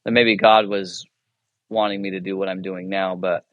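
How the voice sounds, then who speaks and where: A man's voice: sits low, level tone, moderate pace, no echo, phone-quality sound. A man telling a personal story as a guest in a casual interview, rambling and self-interrupting, chuckling often and acting out the dialogue. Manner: acts out dialogue in his anecdotes. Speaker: guest, military chaplain.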